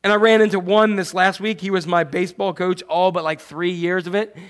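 A man preaching a sermon as pastor, swinging from loud, acted-out quotes to soft, hushed asides. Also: sits high, fairly even intonation, brisk, smooth.

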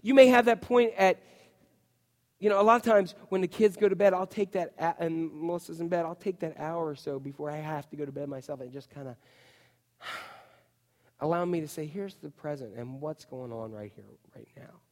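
A man preaching a chatty, animated sermon as a pastor, full of asides and "you know". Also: fairly high pitch, quick pace. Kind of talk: conversational sermon. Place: church. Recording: long reverb of a church hall.

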